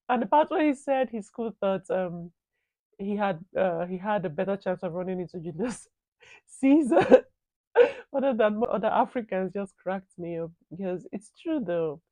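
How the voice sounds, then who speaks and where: A woman's voice: medium pitch, no echo. Woman chatting casually in a dry room. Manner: relaxed and chatty, laughs easily. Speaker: reaction video host. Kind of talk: casual reaction commentary.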